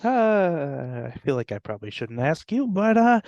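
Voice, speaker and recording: A man's voice: a little high, very animated, moderate pace, creaky, darkish tone, no room sound, dull audio. A man hosting a podcast in casual chat, teasing his co-host and laughing often.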